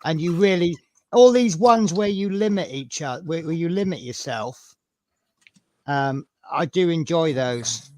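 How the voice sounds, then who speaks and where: A man's voice: fairly high pitch, animated, a little slow, dry recording. A man with a broad Norfolk accent, chatting casually with a fellow modeller on a live stream and telling stories. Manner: chatty, storytelling, restarts often. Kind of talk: casual chat.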